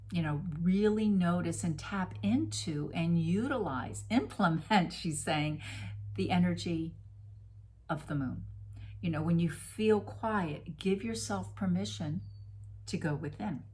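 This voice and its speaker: A middle-aged woman giving a casual, effusive spoken oracle card reading, playful and given to sudden exclamations. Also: on the low side. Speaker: spiritual reader.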